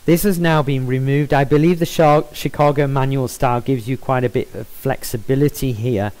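A man explains a software stylesheet step by step in a screen-capture tutorial, pausing on frequent ums and fixing his own wording as he goes. He speaks in a mid-range voice with fairly even intonation, captured on poor audio.

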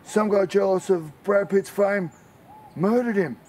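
A man voicing a frantic, hunched male bodyguard who shouts accusations in a shrill voice, recorded in an echoey room. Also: a little slow, a little hiss or hum. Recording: echoey room, mic at a distance.

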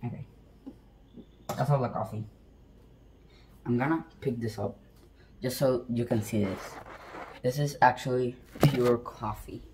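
In his home kitchen, a cooking vlogger chats casually into his phone while showing how to make iced coffee, joking at his own expense and rambling with many restarts. His mid-range voice is a little slow with long pauses, and the recording is very noisy.

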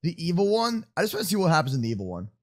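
A young man in casual gaming chat, joking and teasing, shouting catchphrases. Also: fairly high pitch, wildly swooping pitch, racing. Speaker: gamer.

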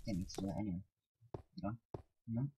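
A man's voice: deep voice, steady tone, fast, heavy background noise. A man giving casual gameplay commentary, frustrated and self-mocking, sometimes talking about himself in the third person. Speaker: gaming commentator.

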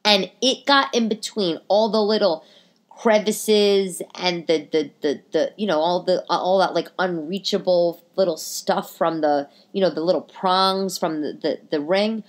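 A woman hosting a podcast, telling stories in a casual, animated monologue that leaps up in pitch for exclamations. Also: normal speed. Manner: animated, jumps high in pitch for quoted exclamations. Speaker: podcast host.

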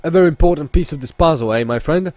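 A man's voice: a little high, fast, darkish tone, dry recording, lightly acted. A man voicing a boastful male merchant of rare oddities, with a theatrical, put-on Italian accent that slips now and then. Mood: grandiose. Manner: theatrical, refers to himself in third person, stumbles on the accent.

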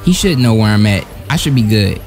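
A man's voice: fairly low pitch, lively intonation, brisk. A young man giving jumpy, joking commentary while playing a video game and talking to himself. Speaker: gamer. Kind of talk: let's-play commentary. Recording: game music underneath.

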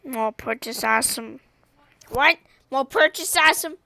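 High bright-voiced woman gamer. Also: measured pace, long pauses, no echo, clean studio sound. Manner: excitable, talks to herself while playing, shrieks when killed. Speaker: gaming channel host. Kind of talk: let's play commentary.

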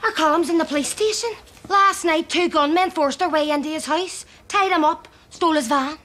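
A woman's voice: extremely high pitch, moderate pace, fairly bright tone. An actress playing an exasperated, scolding middle-aged mother with a Derry accent in a sitcom. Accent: Derry, Northern Irish. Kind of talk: sitcom acting.

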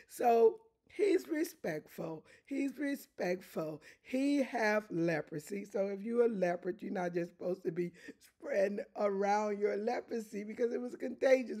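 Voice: medium pitch, darkish tone. A Bible teacher giving informal, conversational teaching who chuckles often and repeats phrases for emphasis.

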